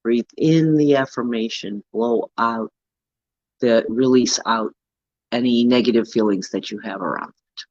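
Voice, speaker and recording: Earnest man coaching in a low, dry voice. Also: a little slow, no room sound, dull audio. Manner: earnest, gently coaching, often asks "right?". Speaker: host. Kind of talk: casual self-help talk.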